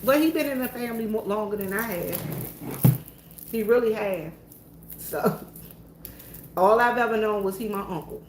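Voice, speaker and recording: Southern lady chatting away to viewers, folksy storyteller, mid pitch, echoey church. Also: moderate pace, long pauses, noisy background. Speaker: church worker and vlogger. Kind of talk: casual chat to viewers. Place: empty church, indoors.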